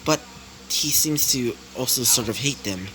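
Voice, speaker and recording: A man's voice: medium pitch, measured pace, sharp tone, a little hiss or hum, rough recording. A man doing a determined cat-eared fighter girl. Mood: hesitant.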